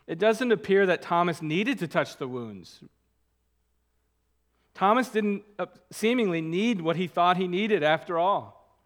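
A man preaching a sermon as a pastor, earnest, slowing down to stress key words. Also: sits high, fairly bright tone.

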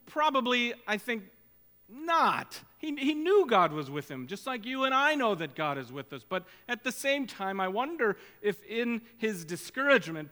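A man's voice: sits high, pushed and bright. A man preaching a sermon as pastor, urging his listeners on with earnest, repeated exhortations. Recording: long hall reverb.

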